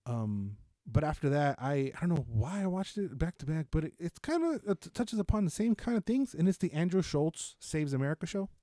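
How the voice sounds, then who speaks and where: Man, podcast co-host, rambling and profane, mellow voice, dry close sound. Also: on the high side, expressive, fairly quick, hardly any pauses, no echo. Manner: rambling, profane, self-mocking. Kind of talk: casual chat reviewing shows.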